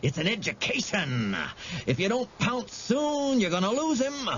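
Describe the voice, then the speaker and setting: A sly, sinister tempter who hisses and coaxes, his voice dropping low and rising again with relish, as a man puts him on. He speaks slowly and deliberately. Faint noise sits under a somewhat dull recording. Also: very animated. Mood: urging. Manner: hissing, low and coaxing. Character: sly, sinister male tempter, gleeful and coaxing.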